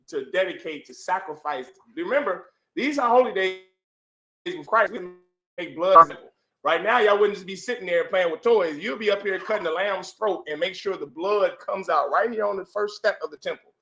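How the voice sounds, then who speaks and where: A man's voice: sits high, moderate pace, bright, forceful tone. A man teaching a religious class, pressing his listeners with repeated rhetorical questions and calling on them for answers. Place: room with audience. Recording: echoey room.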